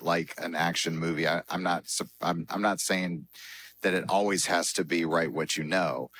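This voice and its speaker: A man, a film director, speaking thoughtfully on a panel, pausing and restarting as he works through ideas. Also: low voice, fairly bright tone, a little hiss or hum. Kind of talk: panel discussion.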